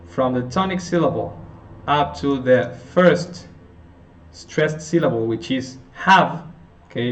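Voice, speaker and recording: Slow, halting male phonetics teacher. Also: medium pitch. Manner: slow, halting, with frequent restarts and self-corrections. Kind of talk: phonetics lesson explanation.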